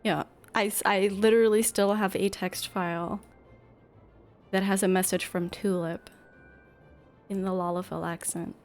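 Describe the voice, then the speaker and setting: A woman's voice: medium pitch, fairly even intonation, unhurried, pauses often, soft background music. A woman streamer chatting casually between game lines, laughing at herself. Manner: laughing, self-deprecating asides.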